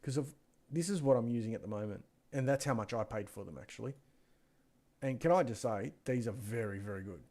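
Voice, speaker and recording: Speaking fairly quickly with lively intonation, this man has a medium-pitched, dark-toned voice. On a PC deals show he co-hosts through a gaming headset, chatting loosely with anecdotes, drifting off mid-sentence, and muttering while he browses.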